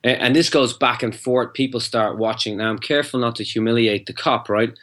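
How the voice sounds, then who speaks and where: A man's voice: mid-range voice, fairly even intonation, fairly quick, fairly bright tone. A man, a guest in an interview, telling a long rambling anecdote and acting out the dialogue, with frequent restarts. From Ireland. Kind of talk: interview storytelling.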